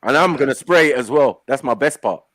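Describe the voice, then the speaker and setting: Barber man, animated jokey talker, dry sound. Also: mid-range voice, a little fast, no room sound. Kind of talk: casual chat.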